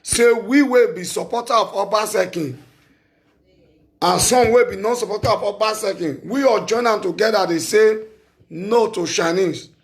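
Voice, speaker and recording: A man's voice: sits high, moderate pace. A man from Nigeria with a Nigerian Pidgin English accent, hosting a call-in talk show and making an impassioned, pleading appeal.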